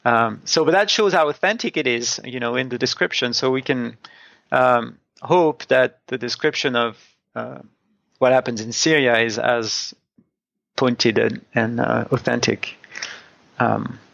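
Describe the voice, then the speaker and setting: A man's voice: medium pitch, unhurried, gravelly, a bit bright, no room sound. A man from France, a native French speaker, co-hosting a casual comics review podcast and explaining points thoughtfully, with many restarts. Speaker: podcast co-host. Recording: dull, dry sound.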